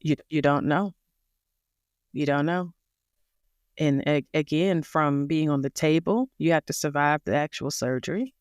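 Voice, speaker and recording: A woman as a podcast guest, telling a personal story in a casual, animated way and laughing along the way. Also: low voice, measured pace, pauses often, clear, resonant tone, no room sound, studio quality.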